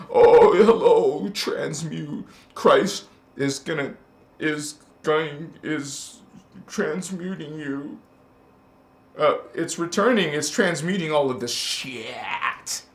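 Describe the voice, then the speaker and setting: Male spiritual host with a high voice and a slow, hesitant, scolding delivery, recorded in a reverberant room. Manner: preachy and scolding, with sudden loud chanted words; hesitant, many fillers and restarts. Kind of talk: confrontational spiritual monologue. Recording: echoey room.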